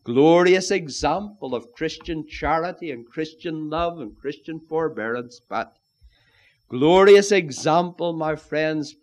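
Slow, emphatic man preaching a sermon. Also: on the high side, darkish tone. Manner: emphatic preaching, slow and deliberate, rising then dropping to near whispers.

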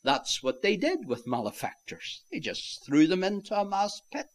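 A man preaching a sermon, swinging from loud declarations to hushed, near-whispered lines and calling his listeners "my friends". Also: sits high, wildly swooping pitch, normal speed.

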